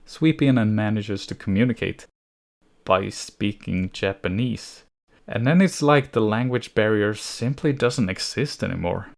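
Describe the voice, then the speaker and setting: A man's voice: lowish voice, vocal fry. A man giving scripted review commentary on an anime series, sardonic and nitpicking, with an exasperated edge.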